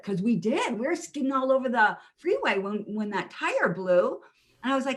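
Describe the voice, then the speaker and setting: Woman presenter for a video call webinar; lively storyteller who acts out quotes. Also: on the high side, a little fast. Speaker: presenter, hiring trainer.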